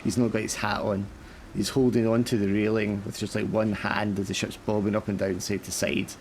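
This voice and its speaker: Gravelly low-voiced male game master. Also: level tone, fairly quick, a little mellow, slight background noise. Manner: casual, many fillers. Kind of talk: narrating a tabletop horror game.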